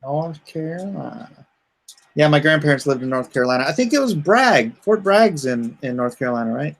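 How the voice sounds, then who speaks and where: A man's voice: fairly high pitch, big pitch swings, fast, poor audio. A man chatting casually as a guest, joking and laughing often. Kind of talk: casual chat.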